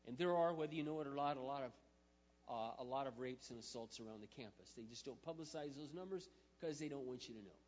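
A male pastor telling a story in a sermon, moving from quiet, intimate storytelling to loud, emphatic preaching. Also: mid-range voice, fast. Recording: muffled sound with long hall reverb.

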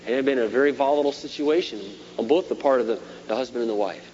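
A middle-aged pastor preaches with lively swings, punching some words loud and dropping others to near a murmur. The recording is a dull, lo-fi sermon tape with a faint hum underneath. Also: male voice, mid-range voice, racing. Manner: animated preaching, shifts between loud emphasis and quiet asides.

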